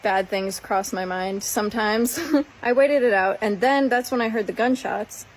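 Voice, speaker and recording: A woman from Minnesota telling a story in her vlog in a calm, matter-of-fact way. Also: medium pitch, moderate pace, rough recording. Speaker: van lifer vlogger.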